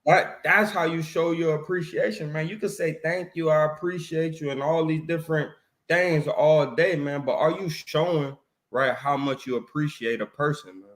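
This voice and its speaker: Man leading a religious chat, preachy, keeps asking right?, slightly high voice, roomy echo. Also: moderate pace. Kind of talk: casual religious discussion.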